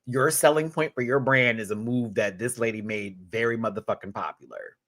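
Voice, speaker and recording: A young man talks through a reality show review in a loose, chatty way. His voice is bright and clear, and he often jumps up into high exclamations. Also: fairly quick. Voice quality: expressive, animated, swings into high exclamations. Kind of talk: casual commentary.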